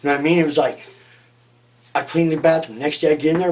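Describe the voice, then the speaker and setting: A man's voice: a little high, fast talker. Man, tattoo artist, rambling and profane, casual interview, recorded from a distance, dull muffled sound. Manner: profane, rambling, says "you know what I mean" constantly.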